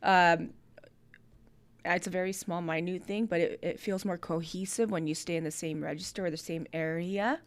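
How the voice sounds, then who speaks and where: A woman with a fairly low voice speaks at a fairly quick clip, her tone steady and her pauses few. She hosts a live-stream review of submitted songs, coaching the artist with technical notes on vocals and production.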